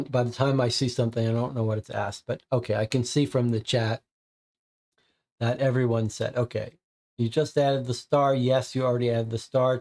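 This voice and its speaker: A man's voice: mid-range voice, creaky, darkish tone. Man thinking aloud through a board game. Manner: thinking aloud, casual, reading text out. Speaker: streamer playing a co-op board game. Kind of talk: live game playthrough, reading cards and chat.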